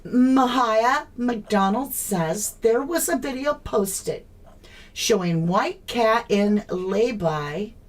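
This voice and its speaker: A woman's voice: a little high, animated, extremely slow. A woman hosting a true crime livestream, puzzling aloud in casual chat and greeting viewers by name.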